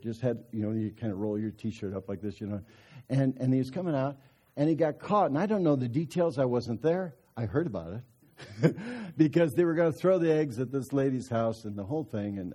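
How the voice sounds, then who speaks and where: Middle-aged guy preaching at a parenting conference, warm husky voice, folksy, chuckles through stories. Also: mid-range voice. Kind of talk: storytelling sermon.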